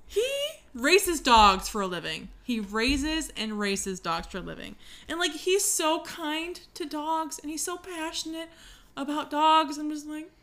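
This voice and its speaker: A woman's voice: sits high, lively intonation, a little slow, a bit bright. A young woman chatting casually about books, giggly, swearing now and then and trailing off mid-sentence. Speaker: podcast co-host.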